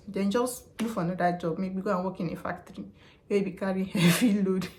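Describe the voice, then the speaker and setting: Woman vlogging, talks emphatic, says stuff twice, regular pitch. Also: a little mellow. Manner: chatty and emphatic, repeats points. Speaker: vlogger and customer service worker. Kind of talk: casual advice vlog.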